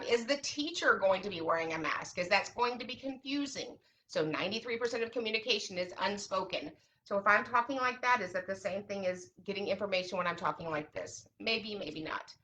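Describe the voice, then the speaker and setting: Woman, special education advocate, chatty advice talk, bright voice, faint background noise. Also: fairly low pitch. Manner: chatty, lively, acts out parents and kids in quick asides. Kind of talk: direct-to-camera advice talk.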